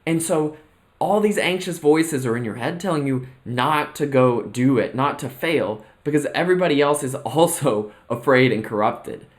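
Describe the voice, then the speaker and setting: Speaking at a normal speed in a medium-pitched voice, this man gives a motivational monologue on mental health for his vlog. He's earnest, keeps tossing in "right?" and "okay?", and mixes personal anecdotes with a drawn-out analogy as he reflects.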